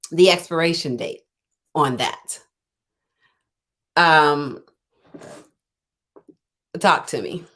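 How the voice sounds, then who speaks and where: A middle-aged woman life coach, unwell and clearing her throat, chatting casually on a live stream and acting out both sides of her conversations. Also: on the low side, fairly bright tone. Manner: conversational, rambling with many fillers and restarts.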